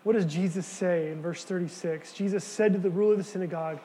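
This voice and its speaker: A man preaching a sermon, earnest and emphatic, dropping to quiet words for key lines. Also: sits high, fairly even intonation, fast, hardly any pauses, in a large hall, slight background noise. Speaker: pastor.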